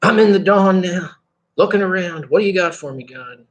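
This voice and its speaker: A man talks through a loose, reflective spiritual monologue. He trails off and restarts, hums lines of song, and laughs between thoughts. His voice sits a touch high and has a husky grain. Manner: meandering, halting, with bits of sung lyric and laughter. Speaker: vlogger.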